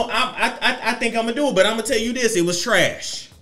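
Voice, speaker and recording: A man giving a sassy, profane, theatrical commentary rant, swinging his pitch and volume around. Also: a little fast, few pauses, pushed and bright. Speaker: commentary vlogger.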